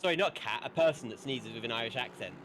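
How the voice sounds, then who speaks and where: A man's voice: mid-range voice, rapid-fire, fairly bright tone. A man doing casual, teasing live commentary and banter on a sim race. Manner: playful, teasing, jokey.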